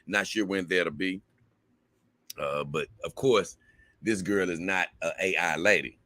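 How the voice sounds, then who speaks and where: Male host, low bright voice, laid-back chatty delivery, dry close sound. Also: a little slow, no room sound. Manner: relaxed, drawling, with many fillers. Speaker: channel host reading viewer comments. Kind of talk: casual livestream chat.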